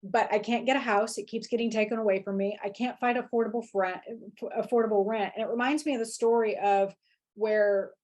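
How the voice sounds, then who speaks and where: A woman's voice: a little high, fairly even intonation, fairly quick, a little mellow. A woman in her forties, a podcast guest, telling a personal story in candid conversation and acting out her own inner voice. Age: 40s.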